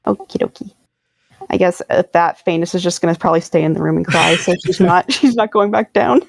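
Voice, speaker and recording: A woman's voice: lowish voice, steady tone, brisk, creaky, no room sound. A woman chatting casually as a tabletop game player, laughing often and filling her talk with "like". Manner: laughing often, many fillers like "like". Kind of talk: casual chat.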